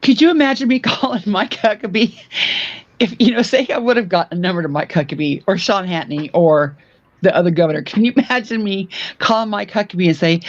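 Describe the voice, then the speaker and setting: A man chatting as a guest on a livestream, halting and restarting his words as he talks. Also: sits high, dull audio. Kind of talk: casual chat.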